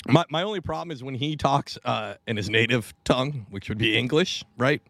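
Gravelly-voiced man, swearing podcast host. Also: medium pitch, fairly quick, a bit bright, dry recording. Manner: profane, rambling storyteller. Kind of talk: casual podcast chat.

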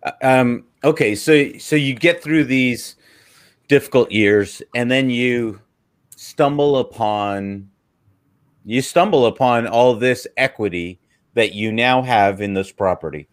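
A man hosting a podcast, giving short affirmations and asking halting questions. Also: mid-range voice. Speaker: podcast host. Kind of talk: interview.

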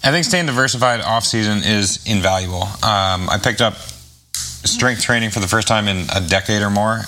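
A man's voice: fairly low pitch, moderate pace, sharp tone, a little hiss or hum. A man on a podcast talking casually about cycling training, rambling and correcting himself as he goes. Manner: rambling, chatty, self-correcting.

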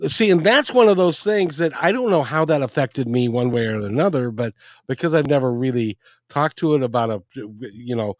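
A man recounting a personal memory in conversation, hesitant and halting with many restarts. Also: mid-range voice, no echo, clean studio sound. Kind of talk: conversational storytelling.

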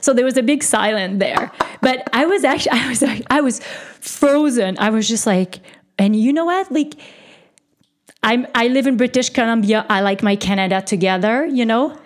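A woman from near Montreal speaks English with a clear Quebec French accent; French is her first language. She tells her stories with animation, her voice rising as she gets into them. Casual podcast conversation. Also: a little high, moderate pace. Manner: animated storyteller. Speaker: podcast guest. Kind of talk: casual chat.

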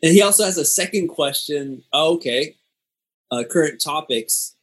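Husky man reading out viewer questions. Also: a little high, lively intonation, moderate pace, poor audio. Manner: reads out viewer questions casually. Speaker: host. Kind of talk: casual chat.

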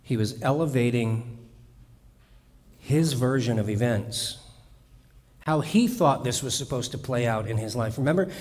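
A man's voice: mid-range voice, measured pace, long pauses, darkish tone, in a large hall. A man preaching a sermon in a conversational, humorous way, with frequent restarts.

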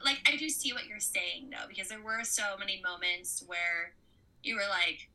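A woman's voice: mid-range voice, normal speed, sharp tone, far from the mic, poor audio. A woman co-hosting a book podcast, chatting in a giggly, rambling way full of "like". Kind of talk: casual book review chat.

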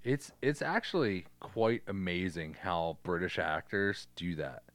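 A man co-hosting a podcast, chatting loosely about a movie, swearing freely and slipping into quick impressions. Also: sits low, animated, a bit bright, no room sound, clean studio sound. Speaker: podcast co-host. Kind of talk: casual movie chat.

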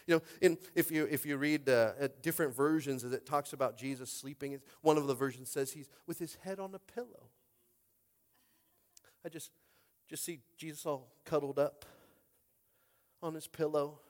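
A male pastor preaching a sermon in a conversational style, swinging between loud exhortation and hushed speech and often asking the crowd if they are with him. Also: fairly high pitch, fairly even intonation, normal speed, pauses often, in a large hall. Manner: conversational, asks the crowd for response.

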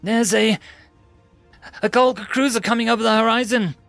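A man voicing a frightened tentacled alien ensign shouting sensor reports. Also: very high-pitched, fairly even intonation, normal speed, vocal fry, no room sound, faint music behind, pitched above the performer's own voice, full character voice. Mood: panicked.

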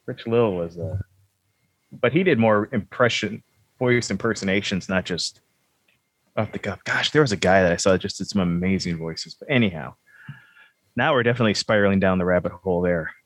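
A man's voice: sits low, a little fast. A man hosting a podcast, chatting casually in a rambling, self-deprecating, joking way. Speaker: podcast host.

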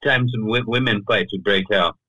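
A low-voiced man sits in as a podcast guest and tells a personal story, his tone bright and pushing forward. He talks loosely and keeps reaching for "you know" and "right?". The sound is dry and close, with no room echo. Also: normal speed, husky. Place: podcast studio.

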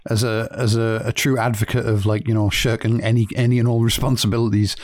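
A man's voice: on the low side, level tone, fast talker, a little mellow, dry recording. A man co-hosting a casual political chat, talking in a dry, sarcastic and sweary way.

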